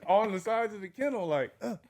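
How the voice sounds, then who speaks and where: A middle-aged man, a dog breeder, chatting casually as a podcast guest and telling lively stories, often saying "you know what I'm saying". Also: high voice, a little fast.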